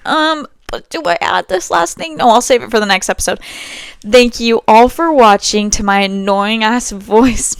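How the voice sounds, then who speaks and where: A woman's voice: fairly high pitch, normal speed, vocal fry, clean tone, no room sound, clean studio sound. Giggly, rambling woman podcast host. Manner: giggly, self-mocking, scatterbrained. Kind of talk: casual rambling podcast chat.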